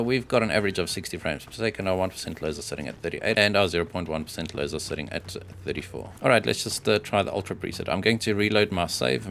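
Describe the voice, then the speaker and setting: A man giving casual voice-over commentary on gameplay benchmarks, hesitant and matter-of-fact, often pausing with filler sounds. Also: low voice, a bit bright, a little hiss or hum.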